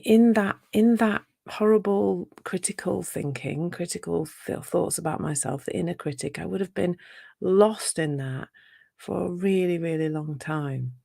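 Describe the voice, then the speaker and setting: Woman, gravelly voice, dry close sound, chatty live talk, playful asides. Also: fairly low pitch, dark tone, no echo. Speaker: self-compassion teacher.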